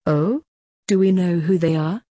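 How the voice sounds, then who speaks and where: A woman reading as Blake, a calm father. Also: on the low side, measured pace, no echo, studio quality. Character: man, concerned office-bound father.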